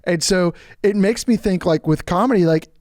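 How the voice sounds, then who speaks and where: A man's voice: sits high, moderate pace, darkish tone, dry recording, clean studio sound. A man co-hosting a podcast, telling a rambling story in casual chat. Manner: rambling, filler-heavy storytelling. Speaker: podcast co-host.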